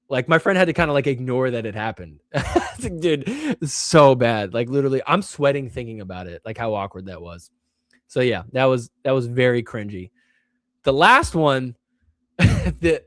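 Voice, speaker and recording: A man hosting a show, telling stories in a casual way with lots of "like", animated and poking fun at himself. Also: mid-range voice, no room sound, clean studio sound. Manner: animated, self-mocking, heavy use of "like". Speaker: show host. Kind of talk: casual solo storytelling.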